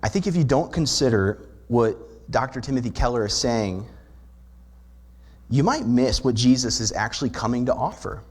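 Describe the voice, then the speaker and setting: A man's voice: mid-range voice, expressive, moderate pace. A male pastor preaching a sermon in a church, explaining scripture earnestly and posing rhetorical questions to the congregation. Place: church sanctuary.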